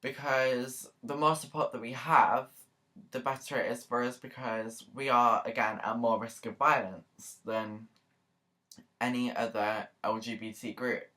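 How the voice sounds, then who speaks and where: Speaking in an unhurried, steady, extremely low voice with a touch of brightness, this woman vlogs casually to camera. She's chatty and earnest, wandering through asides and filler words with real emotion.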